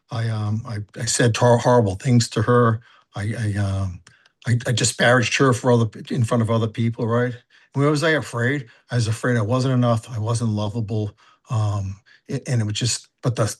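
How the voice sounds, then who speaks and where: A man in his sixties, a sponsor and coach, telling his recovery story candidly, halting often with fillers and restarts. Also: medium pitch. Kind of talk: personal testimony, casual and confessional.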